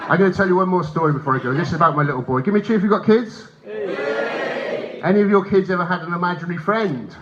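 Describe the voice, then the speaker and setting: A man's voice: high voice, quick pace, noisy background. A male stand-up comedian telling profane stories live on a hotel stage, acting out characters, recorded through a handheld mic in a dull live recording with faint room ambience. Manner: animated, profane, acts out characters.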